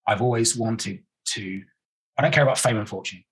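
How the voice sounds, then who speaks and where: A man's voice: on the low side, moderate pace, fairly bright tone, low-quality recording. A man, an actor guesting on a podcast, talking in an earnest, emotional way that halts and repeats itself. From England. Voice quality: very husky. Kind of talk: casual interview talk.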